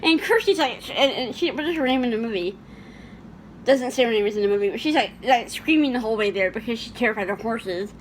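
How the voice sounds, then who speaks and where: A woman's voice: fairly high pitch, expressive, fast, slight background noise. A woman chatting casually about her favorite movies, laughing often and restarting her sentences. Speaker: vlogger.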